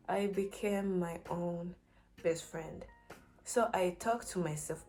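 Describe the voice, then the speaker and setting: A young woman talks to camera in an unhurried, earnest way. Her voice sits a little low, and she keeps her advice casual and encouraging. Soft music plays faintly behind her. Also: creaky. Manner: earnest, encouraging, peppered with "like" and "you know". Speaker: vlogger.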